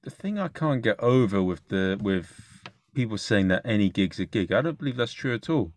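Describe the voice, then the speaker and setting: Halting, profane podcast host man. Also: lowish voice, big pitch swings, no room sound. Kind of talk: casual podcast chat.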